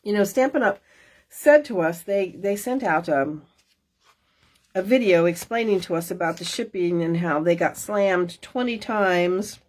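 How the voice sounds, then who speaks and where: A woman's voice: on the low side, measured pace, a little mellow. A middle-aged woman hosting a crafting class, talking casually and folksily with many fillers and asides. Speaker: stamping demonstrator hosting a class. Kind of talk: casual craft show-and-tell.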